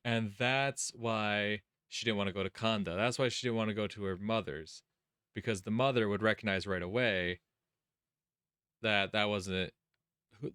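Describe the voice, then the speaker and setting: Low-voiced man reading a visual novel. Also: a bit bright, clean tone, no echo, studio quality. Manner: casual, musing, thinks aloud. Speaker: let's play host. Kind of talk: reading visual novel text aloud and commenting. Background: game music.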